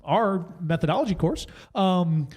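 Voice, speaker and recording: A man co-hosting a relaxed podcast talks in a somewhat high voice. He rambles, jokes and corrects himself mid-sentence as he works through his thoughts. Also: unhurried, husky. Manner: rambling, self-correcting, jokey. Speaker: podcast co-host. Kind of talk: casual podcast chat.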